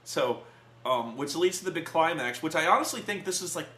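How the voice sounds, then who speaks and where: Animated bright-voiced man reviewing. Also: a little high, a little fast, reverberant. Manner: animated, shouts impressions of movie lines. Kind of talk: casual comedic review chat.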